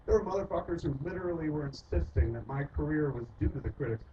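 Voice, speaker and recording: A man's voice: fairly high pitch, lively intonation, fast. A man, a filmmaker, telling stories in casual, profane talk, swearing often and acting out the voices of people he quotes. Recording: distant muffled recording with loud noise.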